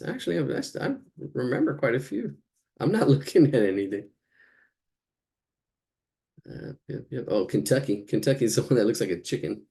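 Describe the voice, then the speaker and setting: A man talking casually to himself as he draws during a class practice, rambling and chuckling in quiet asides. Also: fairly low pitch, creaky, slightly rough. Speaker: drawing instructor. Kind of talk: casual narration while drawing.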